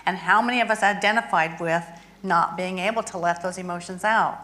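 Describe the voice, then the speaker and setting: A woman's voice: on the low side, brisk, pushed and bright, rough recording. A woman guest expert explaining and demonstrating a therapy toy, earnest and hands-on. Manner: earnest, demonstrates by acting out feelings. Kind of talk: instructional demonstration.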